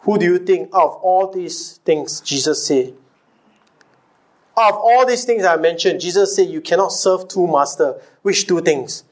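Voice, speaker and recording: A man with a high, bright-toned voice delivers a sermon. He keeps turning to the congregation with rhetorical questions and call-and-response, and he hammers key phrases by repeating them. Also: measured pace. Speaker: pastor.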